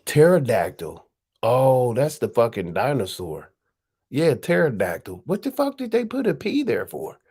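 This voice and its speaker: A woman's voice: very deep voice, sing-song, normal speed, warm tone, husky. A woman hosting a live stream, talking casually and firing off profane rhetorical questions.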